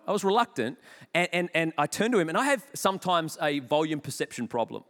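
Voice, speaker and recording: A man preaching in a church hall, his slightly high voice carrying a long reverb. He tells a story in an animated, joking way and laughs at himself. Sudden loud bursts break into the calmer stretches. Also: fairly quick. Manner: animated, jokey, self-deprecating, with bursts of loudness. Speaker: pastor. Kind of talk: sermon with storytelling.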